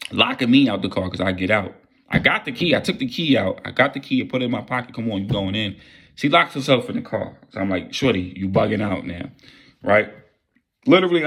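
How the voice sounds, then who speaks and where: A man telling a wild personal story in a casual, profane and excitable way. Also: fairly low pitch.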